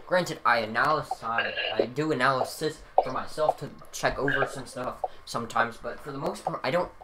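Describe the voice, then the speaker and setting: A man on a casual podcast giving strong opinions, his voice swelling loud for emphasis. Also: mid-range voice, normal speed. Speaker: podcast co-host. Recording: noisy home recording.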